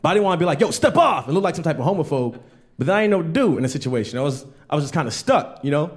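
A man performs stand-up comedy on stage with a fairly high voice. He tells long stories and jumps into loud, raised voices for the people in them. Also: sing-song, very fast. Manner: storytelling, acts out characters in raised voices. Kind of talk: stand-up set. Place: comedy stage with live audience.

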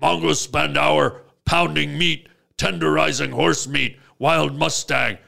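A man's voice: on the high side, steady tone, slow, creaky, bright, forceful tone, full character voice. A man voicing a dim, muscle-bound male buddy who speaks in broken third-person grunts. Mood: blunt. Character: dim, brawny caveman-talking male buddy.

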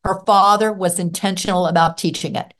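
Animated woman telling a story. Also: brisk. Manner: acts out quotes with big pitch jumps. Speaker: parenting expert guest.

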